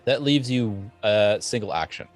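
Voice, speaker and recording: Male game master, low voice, unhurried, hesitant delivery with fillers. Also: expressive, faint music behind. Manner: halting, many fillers and restarts. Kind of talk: narrating a tabletop game.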